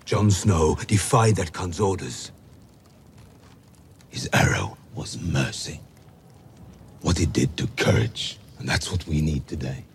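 An actor playing a blunt, gruff veteran wildling warrior in a drama clip, speaking in a deep, commanding voice. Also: male voice, lively intonation, takes it slowly, long pauses, slight background noise, exaggerated voice. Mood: persuading.

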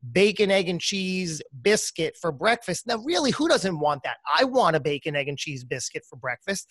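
A man's voice: high-pitched, lively intonation, normal speed, fairly bright tone, no room sound. Chatty New Jersey man hosting a podcast. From United States. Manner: enthusiastic, chatty. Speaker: podcast host. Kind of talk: casual interview chat.

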